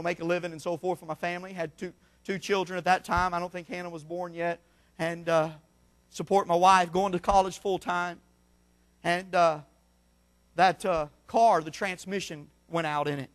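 A middle-aged man preaching a sermon in a church, telling folksy stories and swinging between shouts and hushed asides. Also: sits high, flat delivery, moderate pace. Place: church sanctuary.

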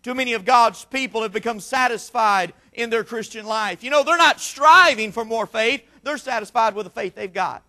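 A man, a missionary preacher, delivering an impassioned sermon with repetitive cadences that build to shouted peaks. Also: very high voice, moderate pace, few pauses.

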